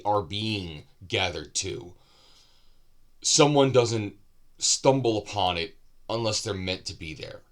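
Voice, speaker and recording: Man, fairly low pitch, casual book review, rambling, self-correcting asides. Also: a bit bright.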